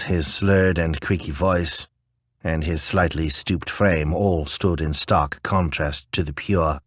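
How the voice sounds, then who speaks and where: Deep voiced guy reading a fantasy book, slow, calm, dry close sound. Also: dry recording. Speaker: audiobook narrator. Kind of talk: scripted fantasy narration.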